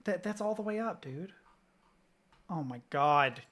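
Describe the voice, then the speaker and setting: High-pitched and animated, this Southern US man speaks unhurriedly in a slightly bright voice. He does live-stream reaction commentary, ranting casually over clips and swearing a lot.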